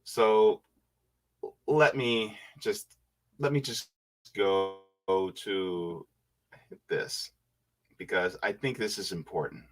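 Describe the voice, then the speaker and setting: A man hosting a casual livestream, reading viewer comments aloud and musing on them in a laid-back way with quiet hums. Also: fairly low pitch, drawn-out words, pauses often.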